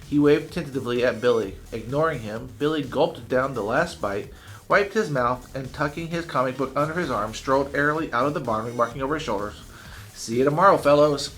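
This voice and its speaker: A man's voice: mid-range voice, soft background music. Man reading a chapter book aloud. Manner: slow, expressive storytelling.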